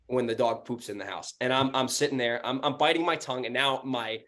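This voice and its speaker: A man with a New York accent gets animated as he retells a fight with a tenant, cursing freely. It is a casual podcast chat between co-hosts, and his delivery is loose and lively. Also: mid-range voice, brisk. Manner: animated, profane, acts out heated phone calls in a raised voice. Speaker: podcast co-host, real estate investor.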